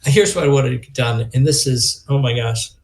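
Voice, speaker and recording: A middle-aged man who leads a youth organization guests on a conversational podcast interview, speaking earnestly and reflectively and growing emotional as he tells a personal story. He acts out quoted dialogue in a medium-pitched, steady voice, with a little hiss or hum in the recording.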